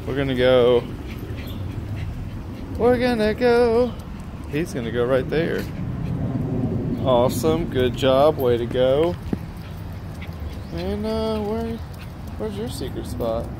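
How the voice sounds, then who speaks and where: A woman's voice: extremely low pitch, animated, slow, long pauses, very noisy. A woman vlogger talking to her pet dogs in a coaxing, praising pet-talk voice. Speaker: dog owner vlogger. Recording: loud dogs barking behind. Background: dogs barking.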